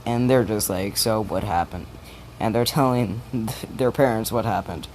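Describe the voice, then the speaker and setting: A man's voice: on the low side, normal speed, a little mellow, slight background noise, low-quality recording. A man casually retelling a story, rambling with many restarts and casual swearing.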